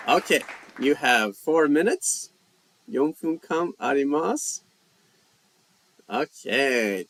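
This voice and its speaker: Casting: relaxed male livestream host, slow delivery, dry close sound, faint chatter behind. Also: medium pitch, no echo. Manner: slow, relaxed, thinking aloud while reading chat. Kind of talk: casual live chat.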